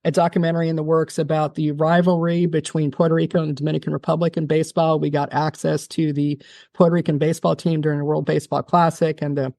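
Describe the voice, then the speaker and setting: A woman guest on an interview podcast, telling a long story in an animated, fast-talking way, often restarting her sentences. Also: low-pitched, gravelly, no echo, clean studio sound. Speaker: television producer, guest.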